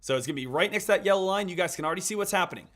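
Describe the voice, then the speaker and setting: A man's voice: sits high, animated, very fast, fairly bright tone. Upbeat man hosting a live trading stream. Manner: upbeat, repetitive hype, addresses viewers as guys and traders. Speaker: day-trading livestream host. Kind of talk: live market commentary and coaching.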